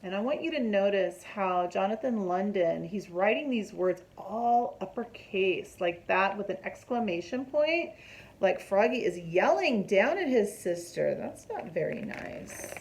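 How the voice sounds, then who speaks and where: A woman's voice: mid-range voice, animated, measured pace, a little mellow. A woman reading a picture book aloud to children, explaining the pictures and asking them questions.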